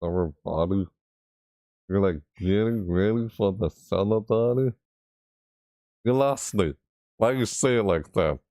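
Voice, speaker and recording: A man who makes gaming videos, chatting casually to camera, reading out viewer messages and answering them in a rambling way, with sudden high yelps. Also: unhurried, long pauses, warm tone, dry recording, clean studio sound. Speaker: gaming YouTuber reacting to trailers and chat.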